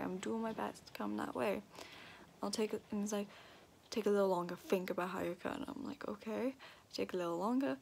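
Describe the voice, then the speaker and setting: A woman's voice: mid-range voice, slight background noise. An eighteen-year-old woman venting in a casual vlog, swearing and ranting with frustration. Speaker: vlogger.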